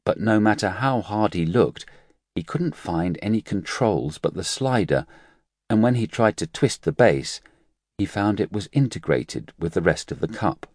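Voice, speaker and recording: Male audiobook narrator, deep low register, measured and steady, dry booth sound. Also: dry recording. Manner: measured, even storytelling.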